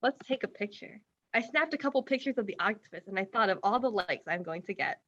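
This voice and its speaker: A woman's voice: mid-range voice, expressive, quick pace, fairly bright tone. A woman reading her team's story aloud to an online class and asking the listeners to choose. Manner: reads aloud, then asks the audience. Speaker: workshop participant. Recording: dull, dry video call audio.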